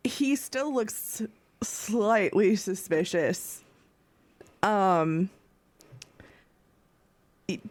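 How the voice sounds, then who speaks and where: Giggly woman game master, slow and unhurried. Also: mid-range voice. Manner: laughing, full of ums and likes. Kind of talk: narrating a tabletop game.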